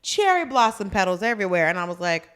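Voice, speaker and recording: A woman's voice: medium pitch, fast talker, clean tone. A woman co-hosting a podcast, chatting casually and animatedly as she recaps a drama. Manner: animated, acts out characters' lines. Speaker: podcast co-host.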